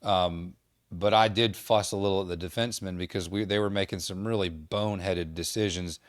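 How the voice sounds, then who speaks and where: A man co-hosting a podcast, talking in a measured, wry way and steering clear of swearing. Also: low voice, steady tone, no room sound, clean studio sound. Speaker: podcast co-host. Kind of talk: casual chat.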